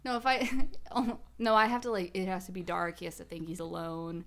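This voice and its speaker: A woman's voice: fairly low pitch, little pitch movement, a little fast, a bit bright. A young woman co-hosting a casual podcast, telling stories in a rambling way with lots of laughter and fillers. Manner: rambling, laughs often, filler-heavy storytelling. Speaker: podcast co-host. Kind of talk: casual chat.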